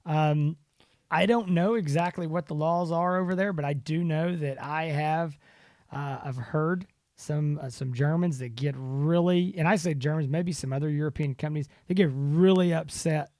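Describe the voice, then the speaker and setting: A man co-hosting a casual podcast, his voice sitting a touch high. He rambles with fillers and restarts, recorded dry and close with no room sound. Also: moderate pace, darkish tone, dry recording. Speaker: podcast co-host. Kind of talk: casual chat.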